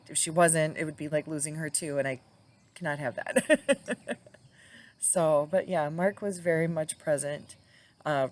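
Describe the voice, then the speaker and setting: A middle-aged widow talking casually to her viewers, tender and reflective, laughing now and then as she remembers. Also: deep voice. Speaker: widow sharing her grief journey. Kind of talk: casual personal talk to camera.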